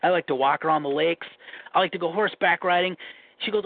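A man's voice: a little high, fast talker, dry recording. Rambling Minnesota man on a tinny phone line. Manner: rambling storyteller, repeats himself, frequent restarts. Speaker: guest telling dating stories. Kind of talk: casual phone chat.

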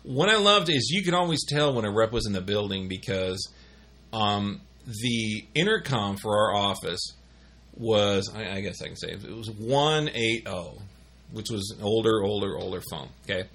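Brief: middle-aged man, husky bright voice, rambling anecdotes with lots of "you know". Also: fairly low pitch, animated, moderate pace. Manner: rambling, many fillers and restarts, laughs at own stories. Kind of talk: casual storytelling chat.

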